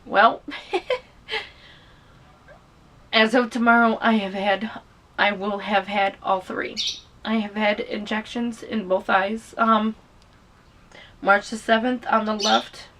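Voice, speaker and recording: A woman's voice: medium pitch, fairly bright tone, a little hiss or hum. A woman telling a personal story on her vlog in a rambling, casual way, full of "you know" and restarts, emotional and holding back tears. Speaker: vlogger. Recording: voice distant from the mic.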